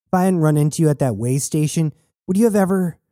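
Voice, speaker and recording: A man's voice: fairly high pitch, lively intonation, normal speed, dark tone, no room sound, clean studio sound, voice pushed up, close to an everyday voice. A man voicing a guarded, tough female space traveler who speaks sharply and urgently in a radio drama. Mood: pressing, defensive.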